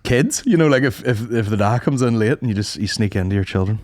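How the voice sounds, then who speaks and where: A man's voice: fairly low pitch, fast. A man co-hosting a comedy podcast, chatting casually and joking while plugging tour dates. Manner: animated, jokey, plugging tour dates with sing-song emphasis. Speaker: podcast co-host.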